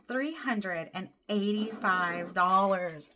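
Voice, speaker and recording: A woman vlogging about her budget, counting cash under her breath and then gushing with excitement. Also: medium pitch, normal speed, a little hiss or hum. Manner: excitable, counts money aloud softly then gushes. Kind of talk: casual vlog, counting cash. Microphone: desk camera mic, off-camera voice.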